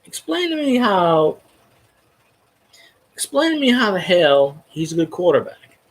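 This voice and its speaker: A man's voice: high voice, big pitch swings, measured pace. A man ranting bluntly about football in a casual chat, swearing freely and restarting his sentences as he goes. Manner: profane, blunt, rambling with restarts. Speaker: sports fan commentator.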